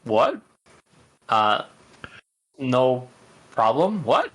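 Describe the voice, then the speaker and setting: A man voicing a rude, confused male character who talks blunt and gruff while stuffing himself with food in a tabletop game. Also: medium pitch, big pitch swings, extremely slow, exaggerated voice.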